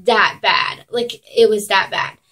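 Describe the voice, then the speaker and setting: A young woman vlogging at home, telling a personal story in a chatty way, full of "like" and "um" and quick laughs. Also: medium pitch, pushed and bright, poor audio. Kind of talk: casual storytelling to camera.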